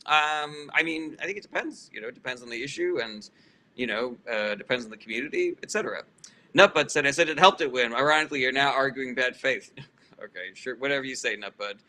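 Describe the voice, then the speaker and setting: A man with a bright, forceful voice hosts a casual livestream, reading chat questions aloud one after another. He answers bluntly and swears freely, with plenty of ums and uhs. With some chatters he turns heated and sarcastic. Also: medium pitch, expressive, brisk. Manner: blunt and profane, with frequent fillers.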